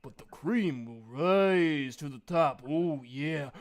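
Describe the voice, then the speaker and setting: Man impersonating a swaggering pro wrestler cutting a promo, raised pitch, drawn-out words and "yeah" tics. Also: animated. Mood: intense. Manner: drawn-out syllables, "yeah" tics, rising to loud bursts. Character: gravelly hyped-up male pro wrestler doing a promo.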